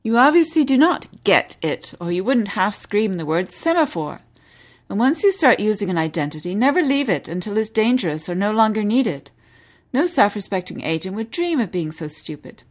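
A woman's voice: mid-range voice, big pitch swings, normal speed. A woman voicing a stern male ship's commander and spy who speaks in icy, clipped tones.

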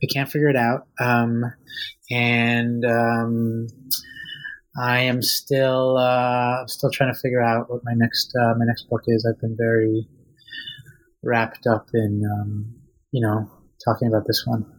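A man's voice: mid-range voice, monotone, measured pace, poor audio. A man in his thirties, an author being interviewed, talking casually and hesitantly with many ums and restarts. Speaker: author guest.

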